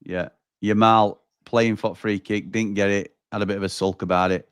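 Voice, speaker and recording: A man's voice: lowish voice, little pitch movement, normal speed, clean tone, dry recording, studio quality. A man co-hosting a football watchalong, chatting casually about the match and reading out viewer questions. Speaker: watchalong co-host. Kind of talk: casual match commentary chat.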